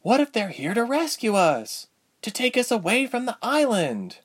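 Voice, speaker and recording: Timid young woman, played by a male narrator: high, fretful, whispery and worried. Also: wildly swooping pitch, slow pace, a bit bright, husky, heavily acted. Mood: hopeful.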